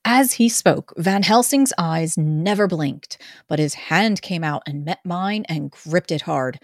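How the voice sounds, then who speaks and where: A woman narrating a novel in a casual amateur group reading, expressive and playful. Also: fairly low pitch, unhurried, no room sound, studio quality.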